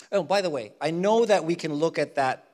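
A pastor gives a lively, humorous sermon, poking fun at himself between passages. His voice sits a little high for a man, and he stretches out key verses word by word. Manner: humorous, self-mocking, lively storytelling; slows down to stress verses. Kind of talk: sermon with Bible reading.

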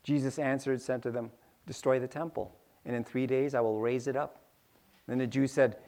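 A man's voice: mid-range voice, steady tone, moderate pace, darkish tone. A man preaching a sermon, acting out little scenes with sound effects and repeating key lines for emphasis. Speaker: pastor.

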